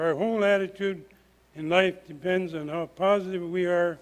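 Older male preacher, high-pitched voice, earnest and emphatic sermon delivery, speaking from a church lectern. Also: fairly even intonation, moderate pace.

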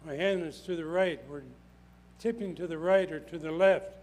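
A man's voice: on the high side, fairly even intonation, normal speed, darkish tone, rough recording. An older man preaching a sermon with emphatic delivery, repeating key phrases for stress.

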